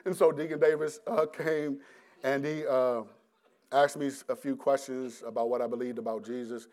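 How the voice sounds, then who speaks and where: A middle-aged man giving a personal testimony as a preacher, animated and halting, often restarting his words, acting out his past self and breaking into laughter. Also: mid-range voice.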